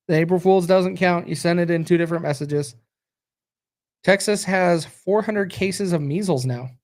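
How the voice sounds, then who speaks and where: A tired American man with a fairly high-pitched voice chats loosely on his podcast. He rambles, trails off and reacts aloud as he reads comments. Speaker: podcast host. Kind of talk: casual live-stream chat reading viewer comments.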